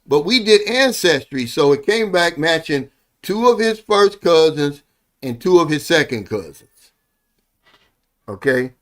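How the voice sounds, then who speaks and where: Man, high-pitched voice, middle-aged, rambling casual monologue, heartfelt, keeps saying "man". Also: a bit bright. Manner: rambling storytelling, ends many phrases with "man"; heartfelt, earnest. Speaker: vlogger living abroad.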